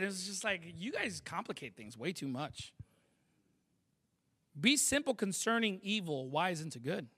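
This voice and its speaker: A man's voice: high-pitched, sing-song, moderate pace, sharp tone, husky. A male pastor preaching a sermon, emphatic and fond of rhetorical questions.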